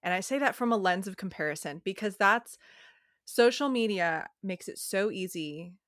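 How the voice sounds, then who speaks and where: A woman's voice: mid-range voice, lively intonation, moderate pace, a bit bright, no room sound, studio quality. A woman hosting a podcast, asking questions and agreeing in a supportive way. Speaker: podcast host. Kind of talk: casual podcast interview.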